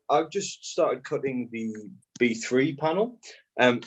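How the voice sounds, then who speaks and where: A kite builder with hiccups patiently walks through how he cuts kite panels, step by step. His medium-pitched voice is a little mellow, and the recording quality is low.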